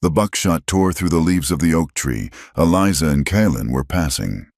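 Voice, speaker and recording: A man's voice: rumbling low, lively intonation, normal speed, darkish tone, dry recording, studio quality. A man giving dramatic scripted narration of a story.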